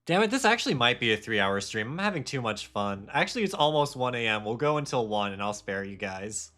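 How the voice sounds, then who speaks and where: A man's voice: medium pitch, very animated, fairly quick, bright, forceful tone. A young man streaming a game live, talking casually in a heated, rambling rant with swearing and self-mocking asides. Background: faint game music.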